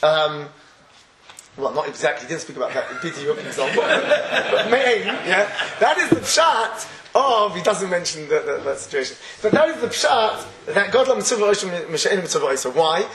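A man's voice: high voice, very animated, moderate pace, roomy sound, noisy background. A man giving a Torah class, conversational and chuckling often as he acts out everyday scenes. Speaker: Torah teacher.

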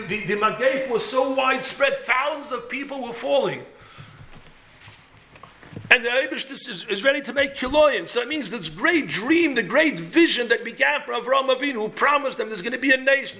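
A man's voice: extremely high pitch, brisk, gravelly, bright, forceful tone, a little hiss or hum. A man giving an impassioned sermon as a rabbi, building to emphatic peaks. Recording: roomy echo.

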